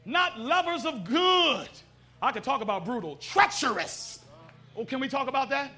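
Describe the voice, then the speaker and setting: Fervent male preacher, high and sharp, middle-aged, drives the congregation with call-and-response. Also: expressive, normal speed. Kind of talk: sermon.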